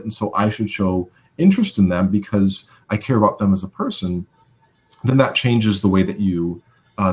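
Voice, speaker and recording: A man's voice: fairly low pitch, muffled recording. A man teaching social skills in a live webinar, casual and conversational with many fillers.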